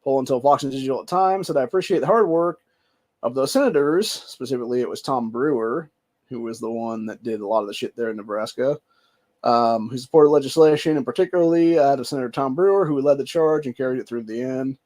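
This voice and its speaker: A man's voice: mid-range voice, fast talker, darkish tone. A young man from Ohio hosting a show, reading news aloud and ranting heatedly with constant profanity and "dude.". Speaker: show host.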